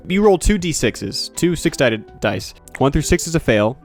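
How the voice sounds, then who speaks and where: A man's voice: fairly high pitch, very animated, normal speed, soft background music. A man narrating as game master for a tabletop game, rambling and correcting himself with lots of fillers.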